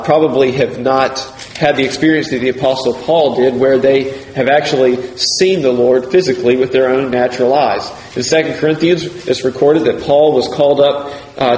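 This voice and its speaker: A man preaching a sermon in a deliberate, emphatic way, repeating key phrases for emphasis. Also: mid-range voice, darkish tone, a little hiss or hum. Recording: echoey hall, faint ambience.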